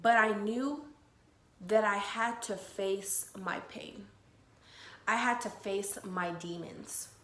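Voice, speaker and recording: Candid young woman, bright echoey voice. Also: medium pitch, takes it slowly. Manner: candid, emotional, swears freely. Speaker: podcast host. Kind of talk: personal storytelling to listeners. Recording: echoey room with faint noise.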